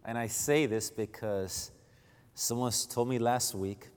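Cuban-born preacher, plain mid voice, unhurried; builds to loud emphatic scripture reading in a reverberant hall. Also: male voice, mid-range voice, steady tone, smooth. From Cuba. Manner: stammering restarts, self-deprecating humor. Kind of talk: sermon. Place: church sanctuary.

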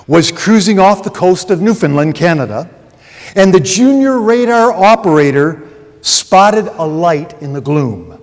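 A man's voice: a little high, darkish tone. A man preaching a sermon as pastor, telling a story and acting out its dialogue. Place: church. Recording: long reverb of a large hall.

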